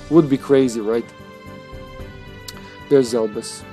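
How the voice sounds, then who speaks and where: A man's voice: medium pitch, fairly even intonation, slow pace, mellow, faint music behind. A man streaming a video game live, chatting casually in a rambling way and chuckling often between thoughts. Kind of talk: casual live-stream chat while playing.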